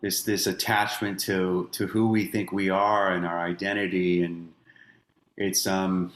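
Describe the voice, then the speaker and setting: Low-voiced reflective man in a roomy space. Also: steady tone, unhurried, fairly bright tone. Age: middle-aged. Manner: thoughtful, loose phrasing full of "you know" and "like". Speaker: musician guest. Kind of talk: reflective podcast conversation. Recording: roomy echo on voice.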